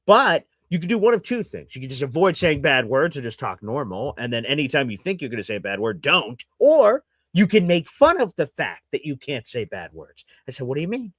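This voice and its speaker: A man's voice: mid-range voice, big pitch swings, a little fast, hardly any pauses, fairly bright tone, dry recording, clean studio sound. A man hosting a live sports reaction show, ranting and sarcastic toward his audience. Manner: ranting and sarcastic, mocking fans in put-on voices.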